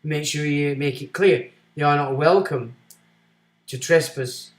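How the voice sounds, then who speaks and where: A man's voice: a little high, a little slow, reverberant. A man with a Lancashire accent, hosting a casual livestream, answering viewer comments in a blunt, rambling way with many ums. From Northern England. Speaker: livestream host.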